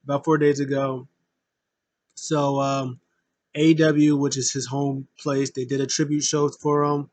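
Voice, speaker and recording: A man's voice: mid-range voice, flat delivery, a little slow, a little hiss or hum. A man recapping a wrestling tribute show in a casual, rambling way, full of fillers and open emotion as a fan. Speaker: wrestling vlogger.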